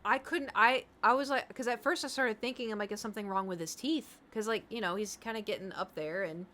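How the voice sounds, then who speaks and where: A woman's voice: medium pitch, brisk, bright, forceful tone. A woman streamer chatting casually, telling rambling stories and talking to her cat.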